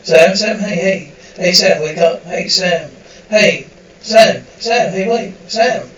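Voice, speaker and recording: A man's voice: sits high, slow pace, fairly bright tone, slight background noise. A man reading the lines of a frantic young woman who is trying to save a friend, in an urgent, pleading way. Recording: roomy, distant, muffled recording.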